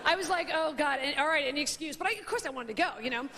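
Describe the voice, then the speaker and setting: Bright, high-voiced woman telling a comic story. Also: very fast, some chatter behind, a little hiss or hum. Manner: rambling and animated, full of "like" and "you know", laughing at her own story. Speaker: comedian and talk show host. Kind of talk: comedic storytelling monologue.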